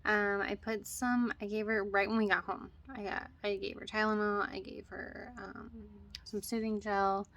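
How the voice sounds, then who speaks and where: A woman's voice: mid-range voice, level tone, moderate pace, a bit bright, lo-fi sound, a little hiss or hum. A young woman chatting casually as a vlogger about caring for her baby, rambling with many fillers and self-corrections. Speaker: vlogger and mother. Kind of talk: casual chat.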